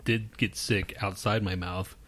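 A man with a lowish voice hosts a podcast in loose, crude banter. He rambles, swears freely and laughs at his own jokes. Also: fairly even intonation, a little slow, a bit bright. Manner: profane, rambling, laughs often. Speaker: podcast co-host.

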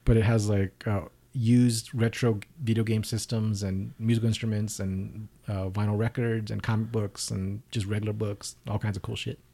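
A man co-hosting a casual podcast in a low, dark and husky voice. He talks quickly and rambles, cracking crude jokes as he goes. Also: level tone. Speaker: podcast co-host. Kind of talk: casual chat.

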